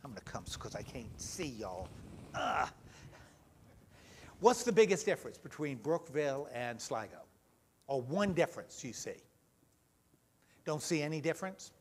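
A man leading a children's talk in church, gentle and full of questions. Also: mid-range voice, very animated, normal speed, pauses often, husky. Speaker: pastor leading a children's message. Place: church sanctuary.

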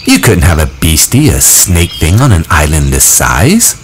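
A man's voice: low-pitched, big pitch swings, normal speed, background noise. A man voicing a confident boy leader who cheerfully reassures the others in a storybook reading. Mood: reassuring. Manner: upbeat, coaxing, patiently explaining.

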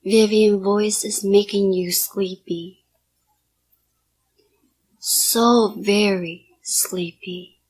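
A woman hypnotist in a whispered role-play, giving soft, repetitive hypnotic commands in a partly whispered voice. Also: medium pitch, steady tone, drawn-out words, pauses often, slightly rough.

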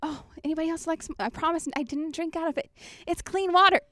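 A woman acting out a Samaritan woman at the well, loudly offering water and telling her story with animated excitement. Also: very high-pitched, fast, no echo, studio quality, voice pushed up. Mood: eager calling. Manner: loud, eager and animated, calling out offers. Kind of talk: costumed Bible story role-play. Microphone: handheld mic.

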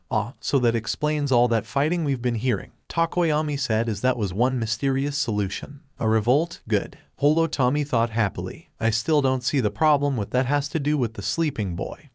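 A man narrates a fan fiction story in a steady, even read-aloud voice, keeping the same delivery for every character. His pitch sits in the middle for a man. The sound is dry and close, with no room echo.

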